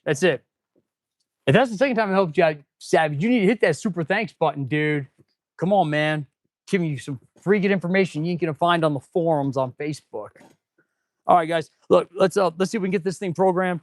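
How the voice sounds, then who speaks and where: A man's voice: a little high, dry recording, clean studio sound. A man who is a mechanic, chatting casually on a live stream while he works in an auto repair shop, laid-back and calling viewers "dude.". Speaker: auto mechanic and channel host.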